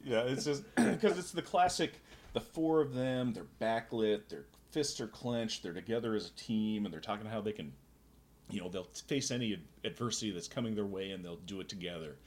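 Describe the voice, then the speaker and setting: A man's voice: lowish voice, moderate pace, darkish tone. A man co-hosting a casual comic book podcast, explaining plot holes with long, playful pseudo-scientific theories. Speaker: podcast co-host. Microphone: podcast microphone.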